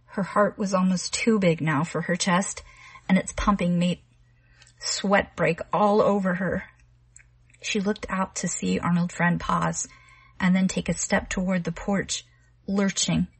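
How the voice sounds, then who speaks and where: Breathy, low-voiced woman narrating fiction. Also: fairly even intonation, unhurried, dry recording. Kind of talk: literary audiobook narration.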